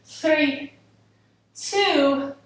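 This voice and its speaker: A woman's voice: high-pitched, extremely slow, distant mic. A woman yoga instructor guiding a workout class, encouraging and counting down reps. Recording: echoey room, voice from off-mic.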